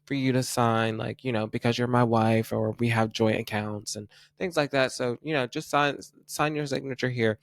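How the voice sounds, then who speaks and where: A man's voice: mid-range voice, steady tone, normal speed, few pauses, no echo, close to an everyday voice. A man voicing an offhand husband casually asking his wife to sign papers. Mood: breezy.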